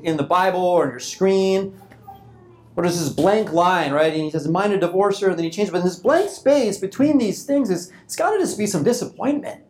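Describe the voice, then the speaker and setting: A man's voice: high voice, a little mellow. A man preaching a sermon in a loose, conversational way, often repeating and restarting his phrases. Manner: informal, repeats and restarts phrases, acts out quoted thoughts. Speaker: pastor.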